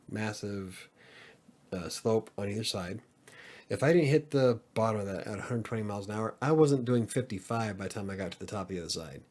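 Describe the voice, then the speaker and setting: Rambling, cursing podcast host. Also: male voice, fairly low pitch, darkish tone. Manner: rambling, swears freely, chuckles often. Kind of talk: casual livestream chat.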